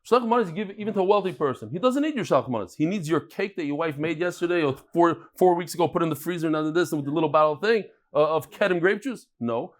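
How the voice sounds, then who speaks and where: A man's voice: fairly high pitch, animated, fast, few pauses. A man teaching a Talmud class to a live room, telling stories and jokes in a chatty way. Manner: joking, storytelling, chatty with laughs. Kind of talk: daf yomi lecture with jokes and stories.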